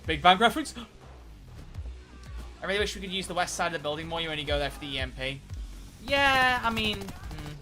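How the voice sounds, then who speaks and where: A man's voice: a little high, brisk, long pauses, sharp tone, soft background music. A man live-streaming a game, chatting in a rambling, self-mocking way as he plays. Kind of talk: live gameplay commentary.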